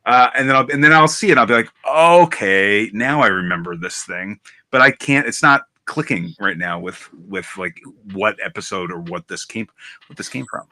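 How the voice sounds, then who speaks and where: Rambling man with a bright voice. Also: mid-range voice, fairly even intonation, a little fast, no room sound. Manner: rambling, thinks aloud with many restarts. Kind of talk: casual chat while opening toys.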